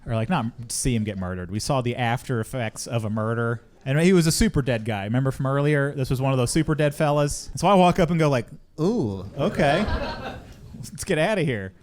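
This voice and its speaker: A man doing a stand-up comedy set about emergency medical work, talking deadpan and dropping low for the people he quotes. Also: quick pace, hardly any pauses. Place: comedy stage with live audience.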